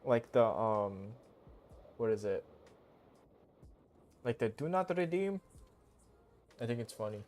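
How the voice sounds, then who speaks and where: A young man streaming a game, talking casually in a goofy, excitable, rambling way full of slang. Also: on the low side, slow, pauses often, soft background music. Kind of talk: casual live-stream commentary.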